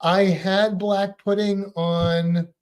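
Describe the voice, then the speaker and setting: A man's voice: high-pitched, little pitch movement, drawn-out words, smooth. An American man co-hosting a casual live stream, chatting and laughing as he answers viewer comments. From United States. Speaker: livestream co-host.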